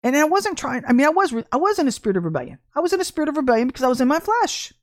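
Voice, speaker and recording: High-voiced woman preaching a lively testimony. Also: racing, no echo, studio quality. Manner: animated storytelling with laughs and acted quotes. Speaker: livestream minister. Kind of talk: informal testimony sermon.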